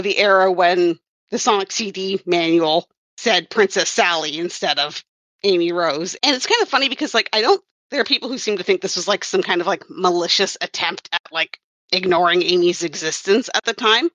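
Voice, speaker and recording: A woman's voice: fairly low pitch, a little fast, fairly bright tone, dry recording. A woman who worked as a comics writer and colorist, chatting casually on a podcast and rambling with wry self-corrections.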